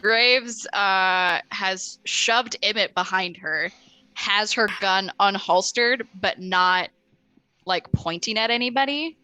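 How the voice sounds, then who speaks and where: A woman's voice: medium pitch, slow pace, pushed and bright, clean tone, dry recording. A woman playing a tabletop role-playing game, talking loosely and casually. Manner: loose, casual with swearing and laughs. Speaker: player.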